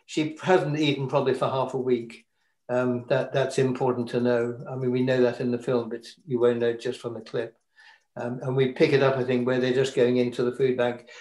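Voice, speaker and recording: A man talking an audience through a scene from his film, halting and full of restarts. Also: medium pitch, little pitch movement, a little mellow. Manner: halting, many restarts and ums. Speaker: filmmaker discussing his film. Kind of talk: talk with an audience. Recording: echoey room.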